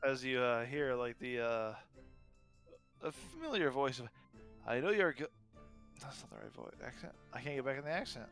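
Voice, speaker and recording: Male game master, bright and animated, self-mocking. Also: medium pitch, brisk, faint music behind. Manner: self-mocking, swears at himself. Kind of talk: narrating a tabletop game.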